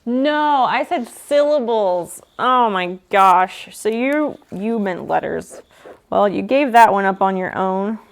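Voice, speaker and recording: A woman's voice: mid-range voice, animated, takes it slowly. Chatty woman streaming a furniture restoration. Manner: chatty, joking, talks to chat while working. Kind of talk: casual live-stream chat with viewers.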